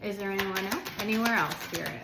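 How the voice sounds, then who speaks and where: An American tarot reader gives viewers a casual reading, chatty and rambling with many filler words. She speaks quickly in a mid-range voice, recorded in an echoey room with background noise.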